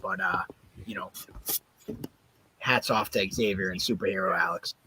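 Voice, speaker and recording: A man co-hosting a fight recap show, chatting casually in an animated, rambling way with plenty of fillers. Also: low-pitched, moderate pace, background noise. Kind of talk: casual chat.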